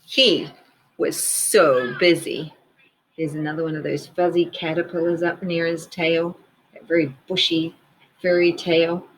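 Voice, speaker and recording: A woman teacher reading a picture book aloud to children, gently pointing out details in the pictures as she goes. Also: lowish voice, little pitch movement, moderate pace, slight background noise, poor audio.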